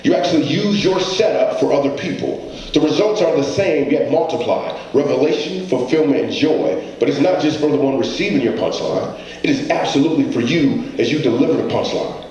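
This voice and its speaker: A man's voice: fairly high pitch, a little fast, darkish tone. A man, a comedian, giving an earnest motivational talk on stage, telling stories and asking the audience rhetorical questions. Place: stage before a live audience. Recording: very echoey hall, faint background noise.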